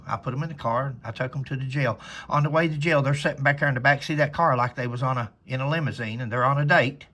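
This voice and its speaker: A man's voice: mid-range voice, quick pace, pushed and bright. A man, a former police officer, telling a rambling, folksy story in casual conversation to camera.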